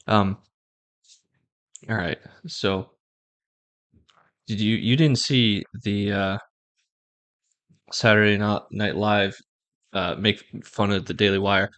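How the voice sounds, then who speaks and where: Brief: male co-host, lowish voice, halting and casual, dry close sound. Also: fairly even intonation, a bit bright, no echo. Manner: hesitant, many fillers and restarts while eating pizza. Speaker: podcast co-host. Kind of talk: casual podcast chat.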